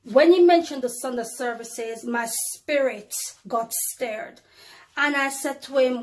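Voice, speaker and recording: Woman, high pitch, preacher, testimony of a vision, addresses brothers and sisters. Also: a little slow. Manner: addresses viewers as brothers and sisters, ladies and gentlemen; storytelling with emphatic rises and drops in loudness. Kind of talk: testimony to viewers.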